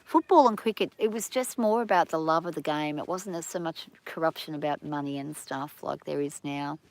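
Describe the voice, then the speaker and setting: A woman's voice: deep voice, a little fast, no echo. A middle-aged Australian woman chatting casually on a farm livestream, rambling and laughing easily, a bit stuffy from hay fever.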